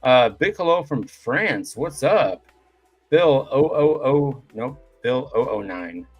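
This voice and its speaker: Guy hosting a live stream podcast, mid pitch, jokey and loose, faint music in the back. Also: animated, takes it slowly, breathy edge, dull audio. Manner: loose, joking, lots of fillers, swears. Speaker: podcast host.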